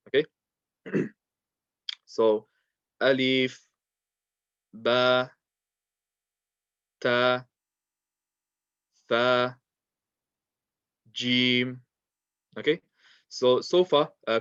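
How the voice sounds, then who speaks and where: A man's voice: medium pitch, no echo, muffled recording. Patient man teaching in a dry room. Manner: patient, repetitive explanations with many fillers. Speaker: Quran recitation teacher. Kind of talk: classroom teaching.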